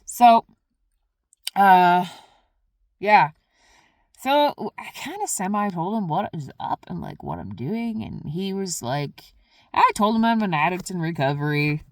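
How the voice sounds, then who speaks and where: A woman's voice: lowish voice, measured pace, creaky, dry recording. A woman vlogger casually telling a rambling story, acting out what she said at the time. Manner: rambling, animated, acts out her own past lines.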